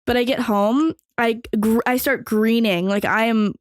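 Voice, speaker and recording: A woman's voice: on the high side, fairly even intonation, unhurried, no room sound, clean studio sound. A young adult woman hosting a podcast, telling a long personal story in a rambling way, full of fillers and casual swearing. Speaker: podcast host.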